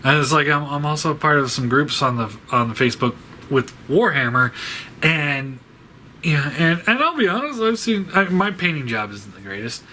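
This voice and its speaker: A man talks through a casual farewell vlog in a bright, forceful voice. He rambles and halts, restarting sentences and filling gaps with fillers. A faint hiss sits under the recording. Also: on the high side, sing-song, normal speed. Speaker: toy review channel host.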